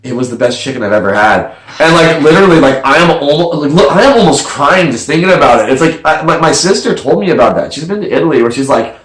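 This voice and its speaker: A young man from Canada telling a story in casual chat, animated and swearing freely. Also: on the high side, fast talker, echoey room, low-quality recording. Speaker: podcast guest.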